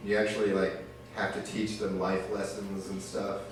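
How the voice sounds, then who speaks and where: Young man, stand-up comedian, rambling crude delivery, low voice, far from the mic, very echoey room. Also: monotone, normal speed. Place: small arts venue stage. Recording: distant, echoey room with noise.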